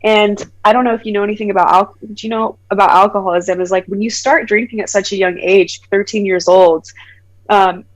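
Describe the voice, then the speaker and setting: A woman in her thirties, a guest on a podcast, tells a personal story. She is animated and leans on "like" as a filler. When she quotes people she acts out their voices, jumping higher in pitch. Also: fairly quick, rough recording. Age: 30s.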